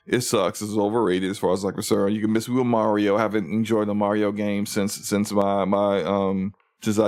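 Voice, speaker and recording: A man hosting a casual gaming livestream, ranting in an animated, mocking way and reading out chat comments. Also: fairly low pitch. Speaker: livestream host.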